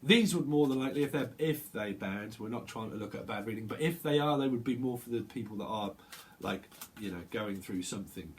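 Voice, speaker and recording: A man's voice: medium pitch, animated, fairly quick, slight background noise. A man giving a casual tarot reading, chatty and rambling, full of fillers and restarts. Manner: acts out little quoted voices, bursts of laughter. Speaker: tarot reader.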